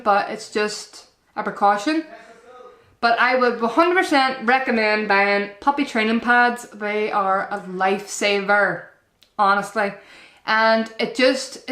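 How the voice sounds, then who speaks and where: Chatty mum in an echoey room. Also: female voice, mid-range voice, fairly bright tone. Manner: chatty and earnest, addresses viewers as "guys", repeats herself. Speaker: mum vlogger giving parenting advice. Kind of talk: casual advice vlog to camera. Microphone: camera-mounted shotgun mic.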